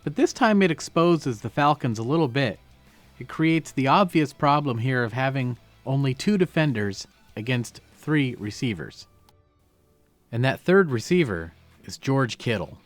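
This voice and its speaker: A man's voice: mid-range voice, animated, measured pace, faint music behind. A man breaking down football game film, explaining each play and stressing key words.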